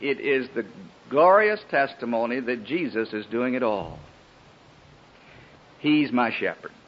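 A man preaching a sermon in an earnest, pleading way, with a husky voice. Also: mid-range voice, lively intonation, a little slow. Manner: earnest, pleading, rising and falling emphasis. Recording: dull lo-fi old sermon recording.

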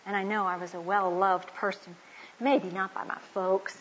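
A woman speaking at a Christian women's conference, telling personal stories in a conversational sermon, slowing down on emphatic phrases. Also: mid-range voice, fairly even intonation, breathy edge. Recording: muffled lo-fi recording.

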